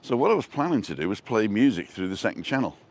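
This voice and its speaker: A man's voice: lowish voice, big pitch swings, quick pace. Chatty middle-aged man streaming live outdoors. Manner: chatty, reads out viewer comments and jokes. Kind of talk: casual live-stream chat. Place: outdoors on town streets and a square.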